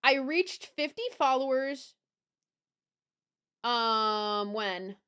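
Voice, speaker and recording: Chatty young woman streamer, smooth voice. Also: on the high side, drawn-out words, bright, forceful tone. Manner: chatty, rambling, swears and laughs often. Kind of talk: casual livestream chat.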